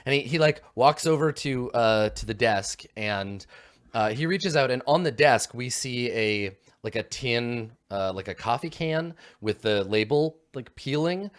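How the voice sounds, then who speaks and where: A man's voice: mid-range voice, lively intonation, unhurried. Man narrating as game master. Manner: rambling, full of fillers.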